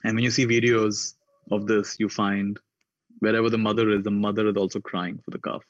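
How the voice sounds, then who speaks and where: A man with a low voice tells reflective stories to a conference audience. He lifts his pitch to act out the people in his stories. The recording is dry and a little dull. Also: little pitch movement, fairly quick, dry recording. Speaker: conference speaker. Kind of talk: reflective storytelling talk.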